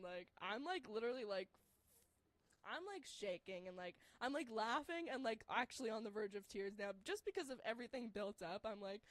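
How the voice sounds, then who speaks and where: With no room sound behind her, a young woman in a medium pitch rambles through a casual story, fairly quick and animated. She fills it with "like" and keeps laughing as she goes.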